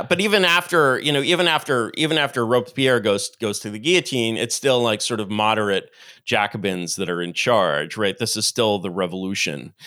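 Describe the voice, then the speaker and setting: A middle-aged man, a podcast guest, explains his ideas at length in an animated, lecturing way and acts out quotes as he goes. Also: on the low side, dry recording, studio quality. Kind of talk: long-form interview monologue.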